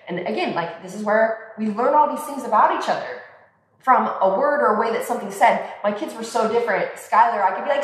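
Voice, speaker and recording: A woman with a fairly high voice chats about parenting in an animated, expressive way, slipping into playful voices when she quotes others. Her voice rings out in a strongly echoey room with a long reverb tail. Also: fast talker. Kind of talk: conversational podcast chat.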